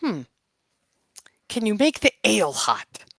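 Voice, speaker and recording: Woman, player, prim polite in-character talk, lively pitch, dry close sound. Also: slow pace, creaky, dry recording. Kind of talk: tabletop role-play, speaking in character.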